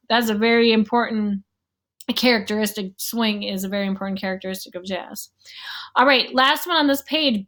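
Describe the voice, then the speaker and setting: A young adult woman giving a casual online music lesson, explaining rhythm and scales and sometimes humming or counting beats aloud. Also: medium pitch. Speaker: music teacher.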